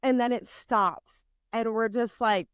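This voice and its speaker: Podcast co-host, woman in her twenties, high voice, dry close mic, animated and foul-mouthed. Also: slow, clean tone, no room sound. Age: 20s. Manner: swears constantly, animated storytelling. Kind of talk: casual chat.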